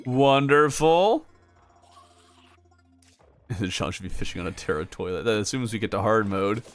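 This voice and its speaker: Playing a video game on a livestream, this man chats casually with viewers, responding to game events and to chat messages and laughing between remarks. His low, slightly bright voice stays steady at a normal pace, and faint music plays behind him.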